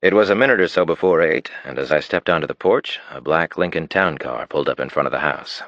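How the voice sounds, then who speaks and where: A man narrating an audiobook, with an expressive reading that turns hushed in tender moments. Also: a bass voice, fast talker, no room sound. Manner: expressive reading, drops to a hushed tone in romantic passages. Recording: dull dry studio recording.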